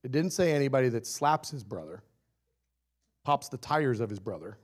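A man's voice: medium pitch, normal speed. A man preaching a sermon with lots of energy and humor. He acts out short scenes in different voices and laughs often between his points. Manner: animated and playful, acting out little scenes, often laughing.

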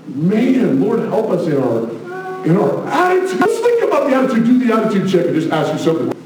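A man preaching a sermon, passionate, moving between hushed asides and loud exclamations. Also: fairly high pitch, background noise. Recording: very echoey room, mic at a distance.

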